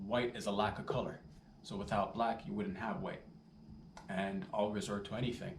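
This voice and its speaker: A man's voice: fairly low pitch, moderate pace. Rambling, profane man in a roomy space. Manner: rambling, profane, animated asides. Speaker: podcast host. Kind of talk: rambling comedic podcast monologue. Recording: roomy, distant mic with faint background noise.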